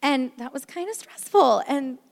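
A woman's voice: sits high, animated, a little slow, creaky. A woman giving a candid, self-deprecating personal testimony about her marriage at a church gathering, with many fillers. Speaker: speaker sharing a marriage testimony. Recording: long reverb in a large hall.

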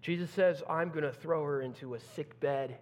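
A male pastor with a voice on the high side speaks at normal speed through a dramatic sermon, performing quoted voices and shifting from loud to hushed. The church sanctuary adds a long hall reverb.

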